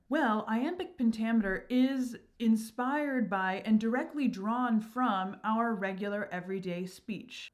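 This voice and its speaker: A woman's voice: a little high, darkish tone. Upbeat woman explaining verse meter. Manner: upbeat, enthusiastic, teacherly. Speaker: channel host.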